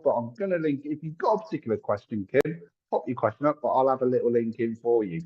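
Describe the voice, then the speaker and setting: Husky-voiced man, chatty psychic. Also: medium pitch, animated, quick pace, hardly any pauses, dull audio. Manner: chatty, apologetic, thinks aloud with many fillers. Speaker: psychic medium. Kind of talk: live-streamed psychic reading.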